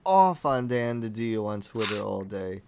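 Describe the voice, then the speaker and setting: A man's voice: lowish voice, very animated, unhurried, a crowd in the background. A man co-hosting a casual podcast, laid-back and reactive. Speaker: podcast co-host. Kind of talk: casual late-night podcast chat.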